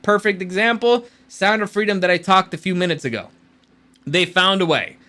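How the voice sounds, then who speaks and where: A male host runs a casual commentary show and talks in a blunt, opinionated way, sometimes swearing. His voice is bright and forceful, and it sits a little high. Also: moderate pace.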